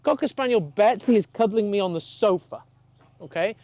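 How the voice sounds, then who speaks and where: High-voiced swearing dog trainer. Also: male voice, moderate pace, no echo. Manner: swears freely, acts out dogs and owners in animated voices. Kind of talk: casual consultation.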